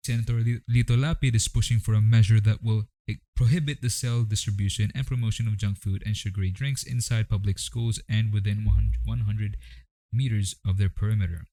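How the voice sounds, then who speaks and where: Young guy from the philippines riffing in his vlog, lowish mellow voice, kinda wry and rambly. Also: fairly even intonation, brisk, no echo. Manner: wry, rambling, jokey asides. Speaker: vlogger. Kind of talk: casual commentary vlog.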